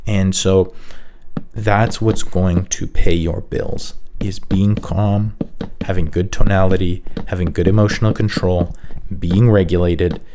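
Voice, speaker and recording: A man hosting a career advice video, talking slowly and calmly with long deliberate pauses and stressed words. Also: noisy background. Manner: low, calm, collected tone. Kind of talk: calm motivational talk to camera.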